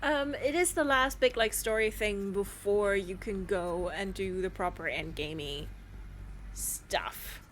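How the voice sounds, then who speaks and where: A woman's voice: mid-range voice, slow pace, fairly bright tone, a little hiss or hum. A woman streamer chatting and joking as she gives casual gameplay commentary. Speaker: let's play streamer.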